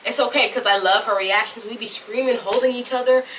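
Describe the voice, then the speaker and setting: Casting: rambling young woman vlogger, put-on Southern drawl, bright voice, distant camera mic with faint room noise. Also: on the high side, steady tone, a little fast. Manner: chatty, rambling yapper. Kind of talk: casual chat to camera.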